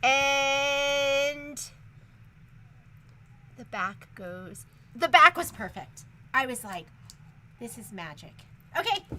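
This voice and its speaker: A woman's voice: sits high, pushed and bright, slight background noise. A woman who teaches sewing, giving a chatty, rambling shop update in an upbeat way.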